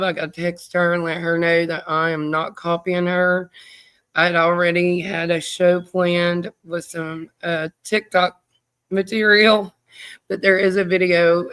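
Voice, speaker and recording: A woman's voice: on the low side, a bit bright, smooth. A tired woman, hosting a true crime livestream in a rambling, chatty way and greeting viewers by name. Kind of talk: casual livestream chat.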